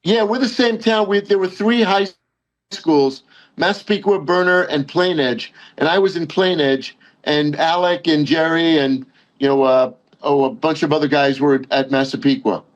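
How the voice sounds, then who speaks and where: A middle-aged man from Long Island, a guest in casual chat, talking haltingly with many fillers and agreeing warmly. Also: fairly high pitch, muffled recording. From Long Island, New York.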